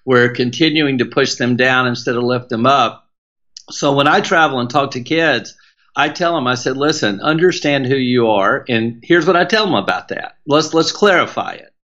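A man's voice: medium pitch, moderate pace, bright, forceful tone. Southern guy, middle-aged, motivational speaker vibe, punchy repeated lines, bit of a dull recording. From American South. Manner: emphatic, preacher-like cadence with repetition. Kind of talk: podcast interview.

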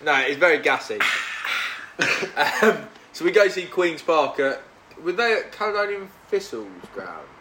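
Bright-voiced man telling pub stories. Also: a little high, sing-song, measured pace, a little hiss or hum. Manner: chatty storyteller, acts out quotes. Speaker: podcast host. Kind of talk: casual chat with mates.

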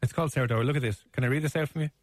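A man's voice: mid-range voice, rapid-fire, no room sound. A man hosting a radio show, teasing his co-host in casual banter. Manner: teasing, mock-posh.

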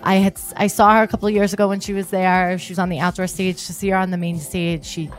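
A woman co-hosting a casual entertainment chat, upbeat and quick to laugh. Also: lowish voice, flat delivery. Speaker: co-host.

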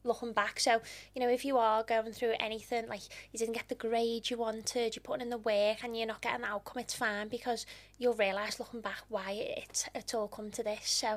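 A woman's voice: fairly high pitch, a little fast, hardly any pauses. Chatty young Scouse woman. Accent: Liverpool (Scouse). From Liverpool, England. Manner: chatty, animated storytelling with local slang. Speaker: interior stylist guest. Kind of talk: casual podcast interview.

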